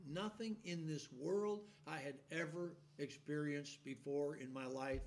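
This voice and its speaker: A male preacher giving a sermon in a folksy, animated storytelling way, often laughing as he acts out a shouting congregation. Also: fairly high pitch.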